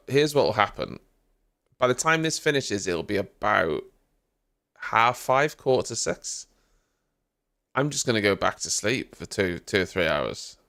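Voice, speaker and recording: Man, just woken up, casual live stream chat, low gravelly voice, lively rise and fall. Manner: drowsy, rambling, greets viewers by name.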